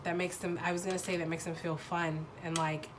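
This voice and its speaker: A young woman with a nasal voice from a sinus infection, giving a casual tarot reading and often pausing and restarting as she searches for words. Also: lowish voice, little pitch movement, background noise. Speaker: tarot reader.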